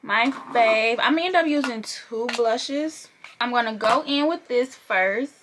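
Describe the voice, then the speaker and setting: A woman's voice: fairly high pitch, unhurried, a bit bright, a little hiss or hum. Young woman talking thru her makeup routine, joking around and cussing a little, super casual. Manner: chatty and playful, swears and laughs while working. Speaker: beauty vlogger. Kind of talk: casual makeup tutorial chat.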